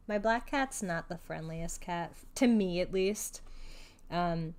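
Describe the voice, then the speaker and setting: A woman's voice: medium pitch, slow, long pauses. A young adult woman streaming a video game, chatty and giggly, cooing at her cat between comments. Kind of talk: casual live-stream chat.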